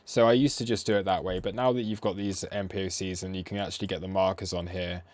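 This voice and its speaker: A man's voice: low-pitched, steady tone, quick pace, a little mellow, no room sound. A young man from the UK hosting a live crypto trading stream, chatting casually and poking fun at himself as he answers viewers. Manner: chatty and self-deprecating, reacting to chat. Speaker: crypto trading livestream host. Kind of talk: casual livestream chat.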